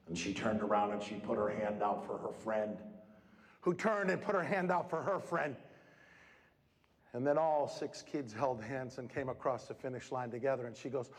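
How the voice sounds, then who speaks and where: A man giving a motivational talk to students at a school assembly, animated and breaking into shouts. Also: mid-range voice, moderate pace, breathy edge. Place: large school hall. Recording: reverberant hall with audience.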